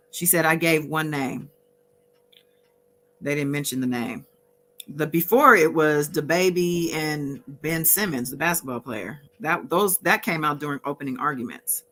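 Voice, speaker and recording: A woman hosting a casual recap, reading out exchanges from her notes with frequent fillers and pauses. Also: sits low, pushed and bright. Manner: reads out courtroom exchanges from notes, pausing with fillers. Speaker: host recapping a court trial.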